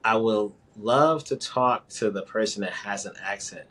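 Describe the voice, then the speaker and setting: A man from New York talking in a casual, rambling conversation, with halting restarts and quick laughs. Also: on the low side, a bit bright. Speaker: guest.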